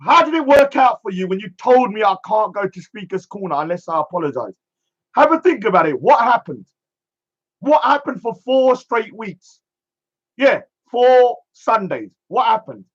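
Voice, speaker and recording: A man's voice: sits high, very animated, normal speed, fairly bright tone, slightly rough, muffled recording. A man delivering a scornful, emphatic rant, drumming home one catchphrase again and again. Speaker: streamer. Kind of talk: ranting monologue.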